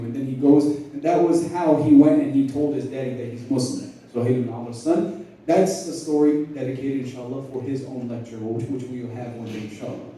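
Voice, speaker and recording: Animated lecturer in an echoey hall. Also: male voice, mid-range voice, brisk. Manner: animated storyteller, acts out dialogue, laughs often. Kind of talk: lecture retelling history in casual slang. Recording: echoey hall, mic at a distance.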